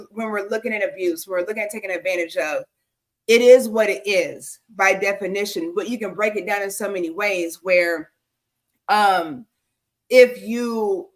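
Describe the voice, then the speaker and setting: A woman co-hosting a talk show on senior care, telling stories with exclamations, lots of fillers. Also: mid-range voice. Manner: animated, exclaiming, with many fillers. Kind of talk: casual storytelling chat.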